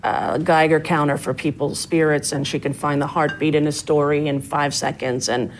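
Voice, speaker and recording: A middle-aged woman, a comedian telling stories in a casual interview and acting out quotes with big jumps in pitch. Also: level tone, normal speed, slight background noise, low-quality recording. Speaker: comedian guest.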